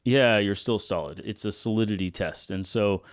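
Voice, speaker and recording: A man's voice: on the low side, moderate pace, no room sound, clean studio sound. A man co-hosting a casual podcast, speaking frankly and with firm opinions, often checking in with "right?". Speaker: podcast co-host.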